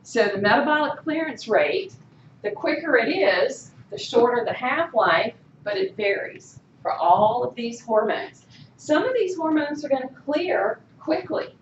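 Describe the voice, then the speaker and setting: Woman instructor, classroom lecture, slightly high voice, very animated pitch, slow delivery, asks the class questions, far-off echoey room. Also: highs cut off, slight background noise. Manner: animated, keeps checking in with "okay?". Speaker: college instructor.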